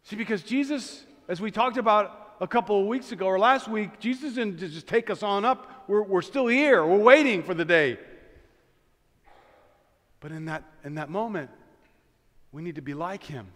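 A man preaching a sermon as pastor, dropping to a hush and then building to shouts, repeating his key phrases. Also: high-pitched, normal speed. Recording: long church reverb.

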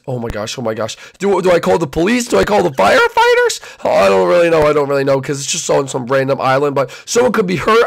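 A man voicing an excitable young koopa prince who hosts a toy role-play, rambling and exclaiming. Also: fairly high pitch, gravelly, pitched below the performer's own voice, full character voice. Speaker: host.

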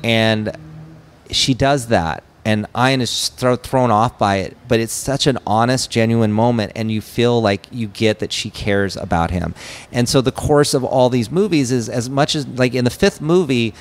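Brief: male director guest, mid-pitched voice, animated storyteller who slips into character lines. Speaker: film director, podcast guest. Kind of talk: casual interview chat.

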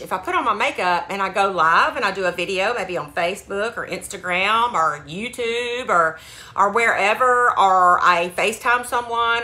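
A woman with a medium-pitched, sharp-toned voice sells beauty products, chatting upbeat and casually to her phone camera at home. She says "like" often in this casual vlog.

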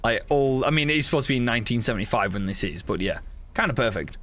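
Bright, animated young male streamer. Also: medium pitch, quick pace. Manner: casual, sweary, laughing reactions. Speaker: gaming streamer. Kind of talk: let's play commentary.

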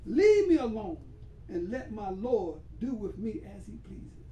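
A man voicing a patient, suffering old prophet who speaks slowly in a low, soft, solemn voice. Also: very animated. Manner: slow, hushed, solemn. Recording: roomy hall, voice far from mic.

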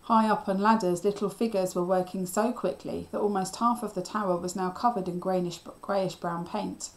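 Teacher lady reading a kids' novel out loud, steady and expressive, mid pitch. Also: normal speed, rough recording. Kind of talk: reading a children's novel aloud.

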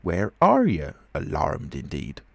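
A man's voice: deep voice, huge pitch swings, takes it slowly, creaky, breathy edge, no echo, exaggerated voice. A man voicing a frightened, blustering tramp who talks in coarse rustic speech, in a storybook reading. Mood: bewildered, blustering.

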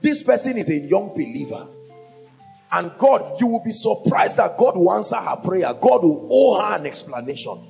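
A man's voice: sits high, big pitch swings, normal speed, vocal fry, a little mellow, soft background music. A man with a Nigerian accent preaching a sermon from a pulpit, emphatic and full of rhetorical questions. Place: at a pulpit before a congregation.

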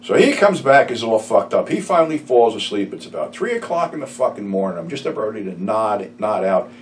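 A man's voice: fairly low pitch, very animated, fairly quick. Profane, rambling storyteller man. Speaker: YouTube storyteller. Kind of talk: casual anecdote telling. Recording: slightly distant mic, faint room noise.

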